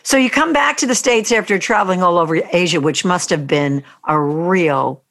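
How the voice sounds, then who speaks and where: A woman interviews her guest in a relaxed conversation. She gives short affirmations and asks simple follow-up questions, encouraging the guest to keep talking. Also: fairly low pitch, normal speed, no room sound, studio quality.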